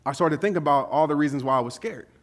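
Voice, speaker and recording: A motivational speaker with a fairly high voice tells a personal story to a live audience. He talks casually and with animation, using slang and laughing at himself. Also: fast.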